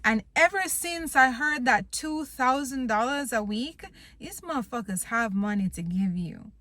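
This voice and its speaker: A woman's voice: on the high side, lively intonation, measured pace, pushed and bright, no echo. A young woman vlogging, venting bluntly and with plenty of swearing about wanting to quit her job. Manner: frustrated, blunt, swears a lot. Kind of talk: venting to camera.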